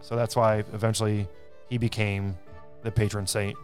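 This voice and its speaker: A man co-hosting a podcast, casually retelling history, relaxed and quick to joke. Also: on the low side, faint music behind. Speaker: podcast co-host.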